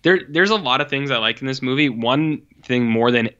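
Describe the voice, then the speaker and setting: Bright-voiced man chatting animatedly. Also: medium pitch, brisk, dull audio. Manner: animated, swears, re-enacts movie lines with exaggerated reactions. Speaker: podcast co-host. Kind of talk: casual film chat.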